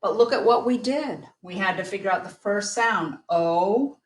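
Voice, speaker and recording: A woman teacher giving an online phonics lesson, patiently sounding out words slowly. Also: medium pitch, expressive. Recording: echoey room.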